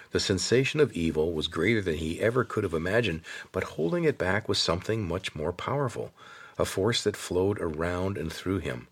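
Audiobook narrator: man, deep, husky, steady storytelling pace.

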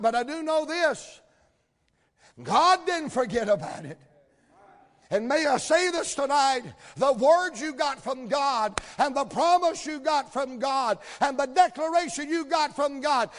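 An older man preaching a sermon, emphatic, building to shouted peaks with drawn-out dramatic phrasing. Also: fairly high pitch. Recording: long hall reverb.

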